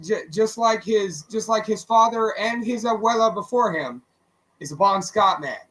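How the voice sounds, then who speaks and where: With a high voice at a moderate pace, a man on a radio show shares stories in relaxed conversation, voicing his friends' parts along the way. He's lively, curses casually, and fills his speech with fillers; the recording quality is low.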